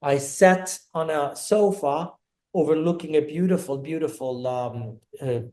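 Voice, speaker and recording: A man's voice: on the high side, a little slow. Man telling a personal story. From Naples, Italy. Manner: animated, acts out quoted dialogue. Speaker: podcast guest.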